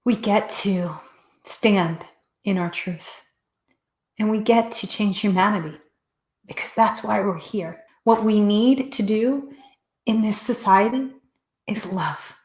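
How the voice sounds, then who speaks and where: A woman's voice: mid-range voice, takes it slowly, long pauses, a little mellow. A woman hosting a talk show, delivering a passionate motivational speech in a repetitive, rallying cadence. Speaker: host. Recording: echoey room.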